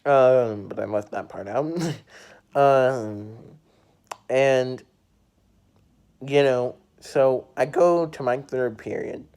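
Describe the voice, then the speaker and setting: This is a young adult spinning a casual storytime for a vlog. The delivery halts often, full of fillers and restarted phrases, with laughs breaking in at the memory. The voice sits at an ordinary middle pitch. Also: very slow, long pauses, a little mellow, smooth. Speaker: storytime vlogger.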